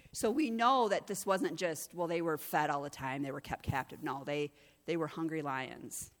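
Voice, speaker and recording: A woman pastor delivers a conversational sermon that turns emphatic and intense at moments. Her voice is low-pitched with a fairly bright tone, and the recording carries a long hall reverb.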